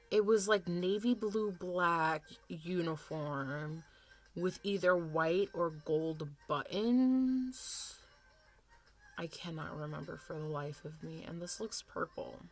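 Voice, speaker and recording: A woman in her thirties rambles through a casual makeup vlog at home, talking slowly with a fairly low voice. She is chatty and swears freely, and there is faint music in the background. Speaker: vlogger.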